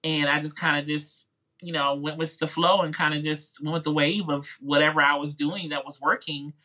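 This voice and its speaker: A man's voice: fairly high pitch, level tone, normal speed, sharp tone. A man with a Midwestern twang, a music YouTuber chatting informally as a podcast guest and telling his story with lots of "like" and "you know". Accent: Midwestern American. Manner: chatty, informal, acts out quoted voices. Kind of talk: casual interview storytelling.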